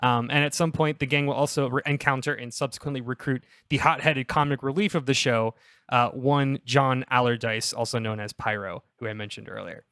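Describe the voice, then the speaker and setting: A young man on a casual comedy podcast, pitching a story in a rambling, self-interrupting way and laughing at his own jokes. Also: steady tone, brisk, a bit bright, clear, resonant tone, no room sound, clean studio sound.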